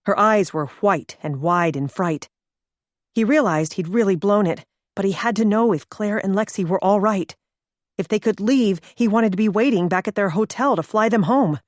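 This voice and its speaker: Speaking at a fairly low pitch, a woman reads scripted audiobook narration in an even, measured storytelling style. The sound is clean studio quality with no room sound.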